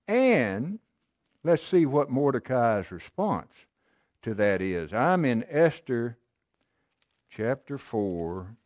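A man's voice: mid-range voice, sing-song, slow, pauses often, a little mellow, dry recording, studio quality. A man preaching a sermon, reading Bible verses and explaining them in an emphatic, conversational way, often checking with listeners.

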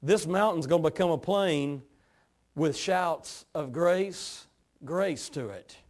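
An insistent male prophet presses his point with firm reminders. A man acts him out in a slightly lowered, steady voice. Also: slow.

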